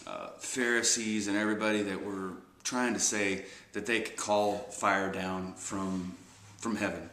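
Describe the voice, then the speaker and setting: A man's voice: lowish voice, fairly bright tone, roomy sound. A man casually retelling a Bible story as a devotional speaker, rambling with many fillers and restarts.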